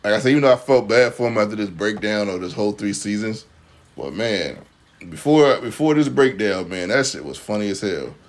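A man's voice: lowish voice, lively intonation, fairly quick. A man co-hosting a casual TV recap chat, retelling scenes and acting out the characters' lines. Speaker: podcast co-host.

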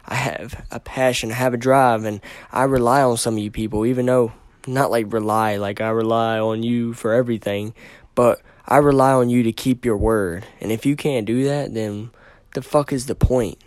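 The host, by himself, rages through a profanity-laden podcast rant, agitated and stuttering. His medium-pitched delivery is at normal speed with fairly even intonation, and the recording is dry.

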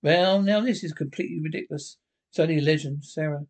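A man's voice: a little high, quick pace. A man reading the part of a worried but skeptical husband in an old radio play, with a reassuring, firm manner.

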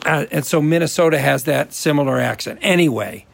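A Midwestern-accented man with a gravelly, fry-tinged voice, sitting pitched a little high for a man. He chats casually as an interview guest, rambling, restarting, laughing easily. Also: fairly quick, dry recording. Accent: American Midwestern. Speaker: actor guest.

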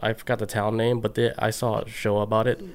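A man's voice: on the low side, little pitch movement, quick pace. A man co-hosting a podcast, rambling in a laid-back way with lots of fillers. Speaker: podcast co-host. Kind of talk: casual podcast chat.

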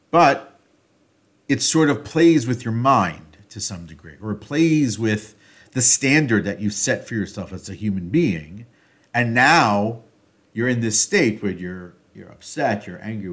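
A man giving a reflective solo talk on a self-help topic, thinking aloud with loose phrasing, fillers and restarts, and loudness that rises and falls. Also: mid-range voice, lively intonation, normal speed.

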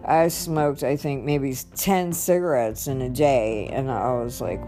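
A young woman rambling candidly in a personal vlog, halting and restarting as she talks about her faith and habits. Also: sits low, very animated. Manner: rambling, halting, self-interrupting. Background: soft guitar music.

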